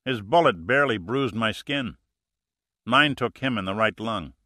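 A man's voice: fairly low pitch, expressive, moderate pace, bright, forceful tone, no echo, clean studio sound. A man voicing a cheerful, cocky male sidekick who talks loftily and a bit boastfully. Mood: lofty. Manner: lofty, cheerful, a touch boastful.

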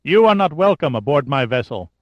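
A man's voice: fairly high pitch, sing-song, brisk, no echo, muffled recording. A man reading a smug male steward who turns out to be a villain, mock-polite.

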